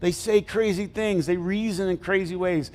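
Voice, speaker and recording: A middle-aged man preaches in a casual, joking way, asking the congregation questions as he goes. His voice sits a bit high for a man. Long reverb from the church hall trails after his words. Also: fairly even intonation, moderate pace, a little mellow. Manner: conversational, jokey, asks the congregation questions. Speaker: pastor. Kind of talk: sermon.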